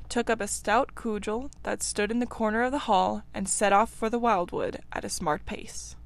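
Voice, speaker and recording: A woman reading a classic storybook aloud in a measured, expressive way, sometimes dropping to a hush. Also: medium pitch. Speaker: reader. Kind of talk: storybook read-aloud narration.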